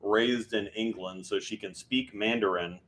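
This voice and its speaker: Low-voiced man chatting casually. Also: steady tone, a little slow, fairly bright tone, slight background noise. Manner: rambling, self-deprecating, restarts often. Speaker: podcast co-host. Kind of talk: casual chat.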